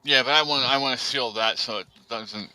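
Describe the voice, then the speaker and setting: A man's voice: medium pitch, fairly quick, bright, forceful tone, low-quality recording. A man hosting a casual podcast chat, rambling with lots of fillers and speaking bluntly. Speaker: podcast host.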